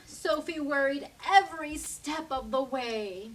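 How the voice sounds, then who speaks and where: Animated woman reading a children's story. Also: high-pitched, distant mic. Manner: slow animated read-aloud. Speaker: library storyteller.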